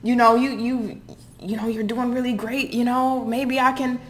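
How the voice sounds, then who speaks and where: A fawning two-faced flatterer, put on by a woman, squeaks up well above her usual voice and hems over every compliment. The tone is sugary and hesitant, as if sucking up to someone newly successful. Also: normal speed, close to an everyday voice. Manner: high, wheedling, hesitant.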